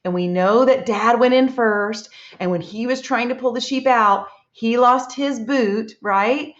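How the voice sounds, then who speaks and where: Young children are guided through a reading lesson by a woman teacher who encourages them and praises them often. Her pitch is fairly high and her pace measured, captured in an echoey room with dull sound.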